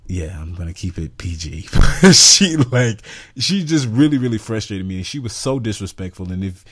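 Exasperated man telling a story, low voice. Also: normal speed, husky. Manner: animated, exasperated, acts out quotes. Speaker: podcast co-host. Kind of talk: casual storytelling rant.

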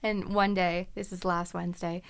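A young woman in her twenties hosting a casual chat, telling animated stories with frequent giggles. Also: fairly low pitch, moderate pace, gravelly, smooth. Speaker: podcast host.

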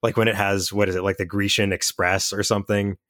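A man's voice: on the low side, level tone, quick pace, a bit bright, no room sound, studio quality. A man co-hosting a casual movie podcast, rambling and often searching for the right word. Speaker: podcast co-host. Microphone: home mic over online call.

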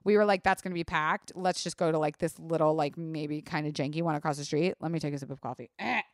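Profane, animated woman telling a story. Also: low voice, fast talker, no room sound, clean studio sound. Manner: candid and profane, lots of "like"; animated, acts out her own panic. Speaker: podcast host. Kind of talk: casual comedic storytelling.

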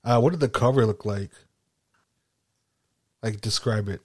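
Casting: male podcast host, low voice, very slow easy drawl, dry close mic. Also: no echo. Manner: unhurried, drawling delivery with a put-on creepy sign-off voice. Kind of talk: casual podcast chat.

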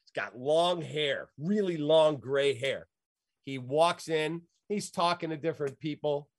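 A man's voice: fairly high pitch, a little slow, dry recording. A middle-aged man, a sports radio host, telling stories in an emphatic, rambling, folksy way. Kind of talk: animated storytelling in an interview.

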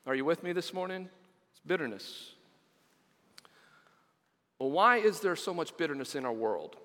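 A man's voice: on the high side, sing-song, moderate pace, pushed and bright, big-room sound. A middle-aged man, preaching a sermon as pastor, telling stories and repeating words for emphasis.

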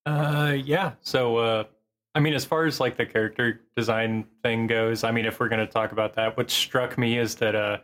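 A man co-hosting a gaming podcast, speaking over a call from a home mic. He has an ordinary mid-range pitch for a man. He talks bluntly and crudely, and he rambles with many fillers. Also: steady tone, moderate pace, a bit bright. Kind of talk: casual chat.

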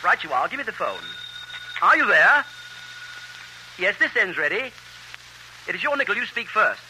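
High bright-voiced giggly radio comedian man. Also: sing-song, a little hiss or hum, low-quality recording. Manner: giggly, chatty, quick asides. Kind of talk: 1930s radio comedy banter.

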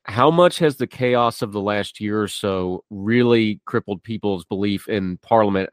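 A man's voice: fairly low pitch, no echo. A man hosting a political chat in loose, casual phrasing with many fillers. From outside the UK. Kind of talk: conversational political discussion.

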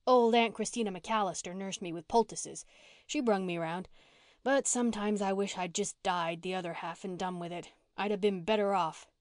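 A woman's voice: medium pitch, moderate pace, no room sound, studio quality, lightly acted. A woman reading an audiobook and voicing a blunt, touchy orphan girl who talks in country slang.

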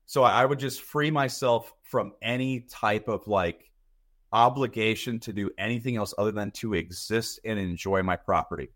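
Guy in his 30s rambling on a podcast, lowish voice, keeps restarting his sentences. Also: moderate pace, fairly bright tone. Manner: rambling, repeats words while thinking. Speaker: podcast guest. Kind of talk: casual chat.

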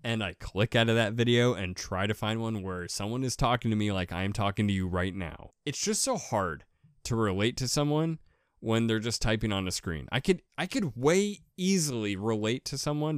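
A man's voice: fairly low pitch, animated, normal speed, dry recording, clean studio sound. A man hosting his own podcast in a casual solo monologue, rambling and poking fun at himself, often restarting and repeating words. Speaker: podcast host.

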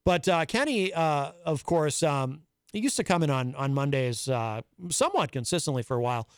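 High, smooth-voiced male radio host. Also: expressive, normal speed, dry recording, studio quality. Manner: chatty, rambling, self-amused. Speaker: radio talk show host. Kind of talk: casual monologue. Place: radio studio. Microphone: studio microphone.

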